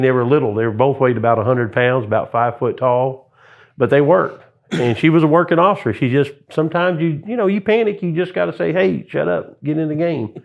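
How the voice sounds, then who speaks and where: A man's voice: medium pitch, creaky, phone-quality sound. A middle-aged man, a former police sergeant, telling stories in a casual interview and acting out the radio calls he quotes. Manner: animated anecdotes, acts out radio calls and quotes. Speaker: retired police sergeant, guest.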